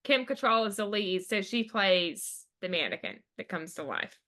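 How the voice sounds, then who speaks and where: A woman's voice: mid-range voice, animated, moderate pace, sharp tone. A woman hosting a podcast, chatting enthusiastically as she recaps a movie. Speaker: podcast host. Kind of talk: casual chat.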